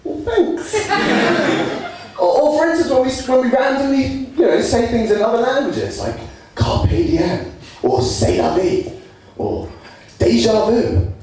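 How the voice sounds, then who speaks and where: Young man doing stand-up, lively pitch. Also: a little slow. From England. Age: young adult. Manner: lively, puts on high voices for quoted people. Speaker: stand-up comedian. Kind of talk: stand-up routine. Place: student comedy stage. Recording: echoey room from far off with audience laughter.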